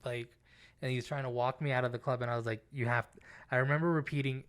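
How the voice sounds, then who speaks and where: Young guy podcast cohost, mid-pitched voice, swears a lot, acts out every quote. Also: fairly even intonation, a little fast. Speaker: podcast co-host. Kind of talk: casual storytelling chat.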